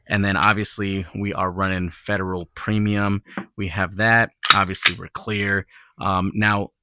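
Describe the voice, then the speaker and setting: A man hosting his own channel, talking casually through a gear review with lots of fillers and restarts. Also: on the low side. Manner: relaxed, rambling, filler-heavy. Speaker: gun channel host. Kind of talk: casual product review talk.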